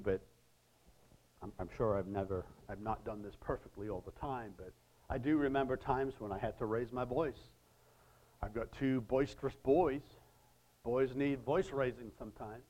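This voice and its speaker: A middle-aged man preaching a sermon, reading scripture aloud with pauses and talking to listeners in conversational asides. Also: mid-range voice, darkish tone, poor audio.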